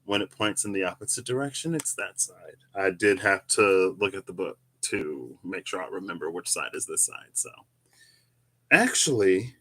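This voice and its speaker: This is a man with a fairly low, bright and forceful voice, talking through a casual tarot reading on his channel. He rambles, second-guesses himself and corrects his own words mid-sentence. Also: lively intonation, normal speed, dry recording. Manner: rambling, self-correcting, chatty. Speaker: tarot reader.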